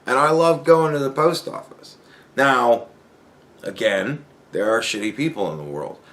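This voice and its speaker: Lively, swearing podcast man. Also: mid-range voice. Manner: profane, rambling, laughs between points. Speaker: podcast host. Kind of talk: casual solo commentary rant.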